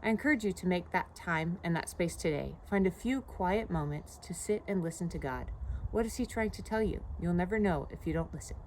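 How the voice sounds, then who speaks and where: Speaking brisk and animated in a fairly low voice, a pastor in her thirties shares a devotional talk on video, full of personal stories and frequent "you know"s. Slight background noise is audible.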